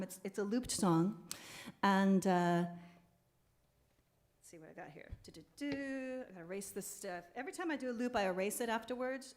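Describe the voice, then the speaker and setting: A woman hosting a live online concert, chatting casually and laughing easily as she reads viewer comments. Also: medium pitch. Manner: chatty, laughs easily, talks fast when rambling. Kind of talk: live-stream chat between songs, reading viewer comments.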